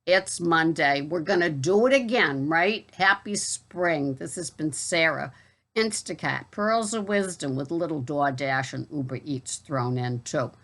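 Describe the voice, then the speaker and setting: A woman with a Boston accent talks to her viewers in a loose, chatty way. Her voice sits low, and her wry, exasperated asides keep the talk moving. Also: measured pace, fairly bright tone. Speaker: vlogger and gig delivery worker. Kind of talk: casual talk to camera.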